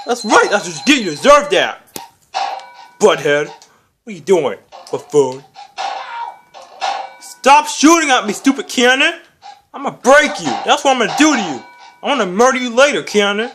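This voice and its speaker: A performer voicing a hot-tempered puppet hand who comments on a video game in character, yelling insults and exasperated questions. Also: mid-range voice, very animated, unhurried, long pauses. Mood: raging. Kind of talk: comedic gameplay commentary in character. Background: video game music.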